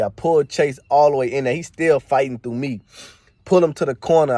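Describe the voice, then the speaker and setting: A man's voice: mid-range voice, warm tone, no room sound. A man telling a rambling, slangy story from a party in a casual storytime monologue. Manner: slangy, rambling, fillers and restarts.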